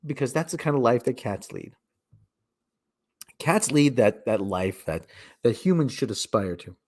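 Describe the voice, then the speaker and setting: A man's voice: medium pitch, lively intonation, measured pace, a little mellow. A man hosting a casual solo livestream, rambling and cutting himself off, with mock radio-announcer asides. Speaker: livestream host.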